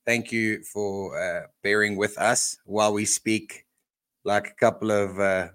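A relaxed South African man in casual podcast chat. His voice sits on the low side, and he takes his time over his words. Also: measured pace, clean tone. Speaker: podcast co-host.

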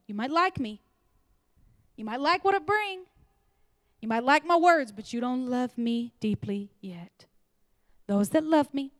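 A woman preaching a sermon to a church, animated and laughing, sometimes dropping into whispers. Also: a little high, no echo, clean studio sound.

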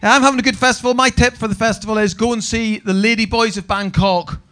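A man's voice: high voice, fairly even intonation, fast talker, pushed and bright, smooth. A man with a Northern Irish accent doing a brash, sweary live stand-up set and teasing the audience. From Northern Ireland. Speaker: stand-up comedian. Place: comedy venue stage.

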